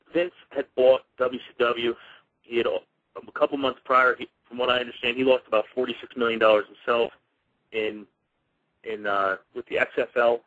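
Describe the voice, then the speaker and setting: A man's voice: medium pitch, fairly bright tone, no echo. A former pro wrestler, a man, telling stories in a casual radio interview and acting out the dialogue as he goes. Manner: rambling, with many restarts and quoted dialogue. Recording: dull lo-fi radio audio.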